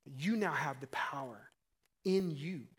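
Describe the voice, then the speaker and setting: A man preaching a sermon as pastor, conversational and animated, swinging from loud emphasis to quiet. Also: fairly high pitch, takes it slowly, slightly rough.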